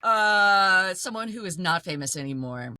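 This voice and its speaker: A woman's voice: lowish voice, lively intonation, a little slow, bright, forceful tone, dry recording. A woman co-hosting a podcast, recapping with wry, dramatic storytelling. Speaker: podcast co-host. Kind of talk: casual recap chat.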